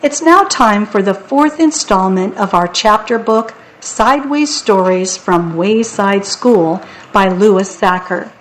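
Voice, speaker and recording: A woman reading children's stories aloud as a volunteer radio storyteller, in a gentle, deliberate way. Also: medium pitch, expressive, poor audio.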